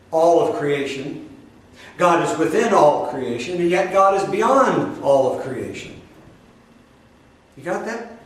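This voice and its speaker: A fairly high-voiced man preaches as a spiritual teacher, pressing his points home with emphatic repetition and direct questions to the room. His voice rings with heavy echo and sits well back from the microphone, as if recorded from afar in a large hall. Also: a little hiss or hum. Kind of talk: sermon to a live audience. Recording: very echoey room from a distance.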